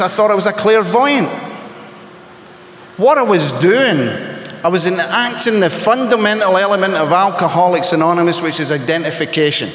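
At a recovery meeting, a man with a high, slightly bright voice tells his personal story to the audience, wry and self-mocking, landing punchy comic beats. The echoey hall carries faint ambience and a little background noise.

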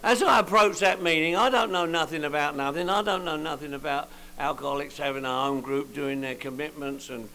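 A man's voice: on the high side, fairly quick, vocal fry, few pauses, pushed and bright, poor audio. An older man giving a joking, colloquial personal testimony at a recovery meeting. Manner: joking, colloquial storyteller with slangy asides.

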